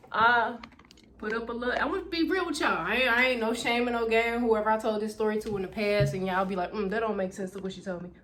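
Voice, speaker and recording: A young adult woman talking loud and animated, with a lot of swearing, in a casual storytime vlog filmed at home on camera. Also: fairly high pitch, a little hiss or hum. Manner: loud, animated, profane chatter. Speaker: YouTuber. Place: home room with backlight. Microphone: camera in front of her.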